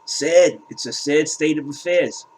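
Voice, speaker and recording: A man's voice: a little high, a little slow, darkish tone, a little hiss or hum, low-quality recording. A man hosting his own crypto channel, ranting in a heated, casual way and often repeating and restarting his words. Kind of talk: heated casual rant to camera.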